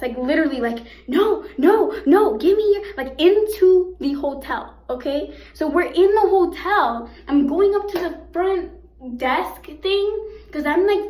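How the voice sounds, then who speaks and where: A young woman telling a storytime vlog in a casual, animated way, full of fillers and swearing. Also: sits high. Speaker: vlogger. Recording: echoey room.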